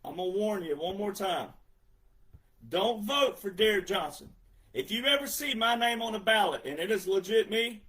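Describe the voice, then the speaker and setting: High-pitched emphatic man. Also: animated, normal speed. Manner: emphatic, sarcastic, loud outbursts. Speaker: political commentator. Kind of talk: ranting monologue.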